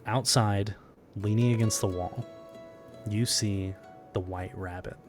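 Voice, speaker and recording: A man narrating a tabletop game as game master, in measured, descriptive storytelling. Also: lowish voice, fairly even intonation. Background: background music.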